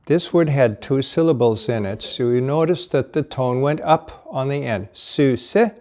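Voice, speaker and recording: A man's voice: mid-range voice, moderate pace, darkish tone. A man teaching pronunciation, modeling vowels and short words patiently, one at a time. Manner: patient and encouraging. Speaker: language teacher. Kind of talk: slow pronunciation drill lesson.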